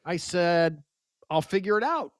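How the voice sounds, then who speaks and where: An older man with an American accent, a media expert guest telling lively stories and acting out quoted exchanges in a casual interview. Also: sits high, unhurried, clean tone, dry recording, studio quality.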